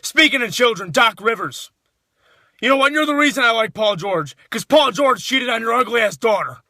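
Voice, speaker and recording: A man with a very high, piercing voice tears into his targets in a furious, profanity-laced rant. He shouts through much of it, sounding sharp and tense, recorded very dry and close. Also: lively intonation, normal speed, gravelly, dry recording. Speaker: sports fan. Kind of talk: angry rant to camera.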